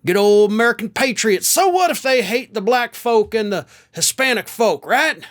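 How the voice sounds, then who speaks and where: Guy doing a southern drawl senator voice, blunt and dismissive, kinda high. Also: expressive, moderate pace. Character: impression of a blunt older Southern male senator.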